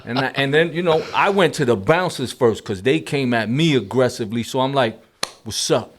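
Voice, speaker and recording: A man's voice: mid-range voice, expressive, brisk. A middle-aged man, telling a story as a podcast guest in streetwise slang. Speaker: guest rapper. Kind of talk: casual storytelling.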